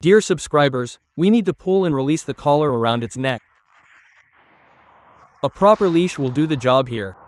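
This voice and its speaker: A man's voice: a little high, expressive, moderate pace, long pauses. A man from Turkey who works as a dog trainer, explaining training methods earnestly and speaking directly to his viewers. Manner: earnest, addresses the viewers directly, gives firm commands to a dog. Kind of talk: instructional video talking to viewers.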